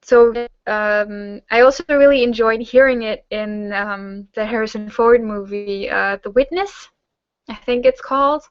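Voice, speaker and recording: A woman's voice: on the high side, measured pace, smooth, no room sound, dull audio. German woman in her 20s chatting, lots of ums and restarts, pretty dry close audio. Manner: chatty, many fillers and restarts. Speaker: host; teacher-training student. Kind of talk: casual Q&A hangout chat.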